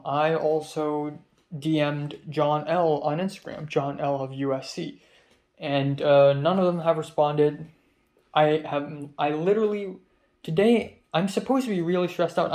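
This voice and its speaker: A young man with a voice that sits slightly high, rambling through a casual vlog monologue. He vents, exasperated, stacking up ums and restarts as he talks. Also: a little mellow. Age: young adult. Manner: rambling, exasperated venting with many fillers. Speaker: student filmmaker.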